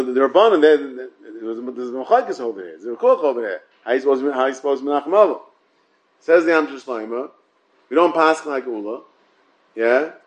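The man's fairly high, slightly mellow voice carries a laid-back Talmud lesson in English, peppered with Hebrew and Yiddish terms and frequent repetition. As a Torah study teacher, he keeps checking in rhetorically with "yeah?" and "right?" The recording is low quality.

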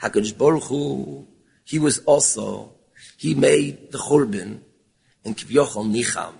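A man giving a sermon, mixing English with Hebrew and Yiddish terms, dropping low and then rising into pleading calls. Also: measured pace, vocal fry, warm tone, breathy edge. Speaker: rabbi giving a talk. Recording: long hall reverb.

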